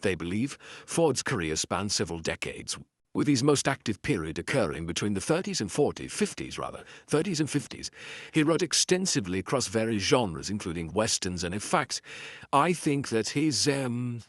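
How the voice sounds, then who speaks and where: A man narrating an old pulp detective story aloud, then stepping out of the reading to chat about it in a loose, animated way. His voice is fairly low with a lively, varied pitch, and the recording is close and dry with no room sound. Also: normal speed, no room sound. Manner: animated, chatty asides with restarts. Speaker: audiobook narrator and host. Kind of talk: reading pulp fiction, then casual commentary.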